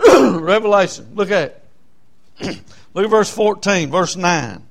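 A man's voice: high-pitched, animated, slow pace, creaky. A man preaching a fervent sermon, repeating himself with many fillers and asking "Amen?".

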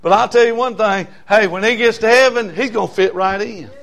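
A man preaching a storytelling sermon, dropping to hushed asides and rising to shouted hollers. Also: high voice, brisk, vocal fry.

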